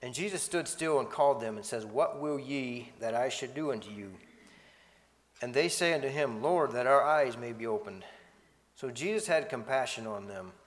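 A man reading Bible passages aloud and commenting on them, with halting restarts. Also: medium pitch, expressive, in a large hall.

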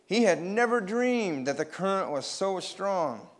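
A man reading a children's story aloud, expressive and pausing to ask his listeners questions. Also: high voice.

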